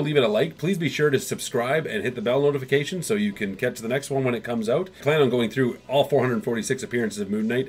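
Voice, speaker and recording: A man's voice: mid-range voice, a little mellow. A man hosting a comics video, recapping old issues in a rambling, casual way and briefly acting out the characters' lines. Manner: rambling, acts out characters' lines in quick asides.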